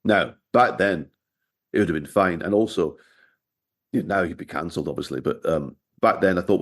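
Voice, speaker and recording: A man's voice: low voice, a little fast. A middle-aged man, a podcast guest telling wry anecdotes in casual interview chat. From Scotland, raised in Glasgow.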